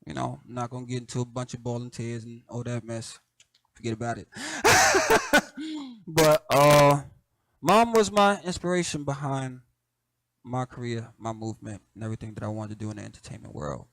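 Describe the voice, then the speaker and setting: A middle-aged man with a light Southern accent hosts his show, talking in a relaxed, conversational way full of "you know" and soft laughs. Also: medium pitch, fast talker, creaky, dry recording. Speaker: host. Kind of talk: casual reflective monologue.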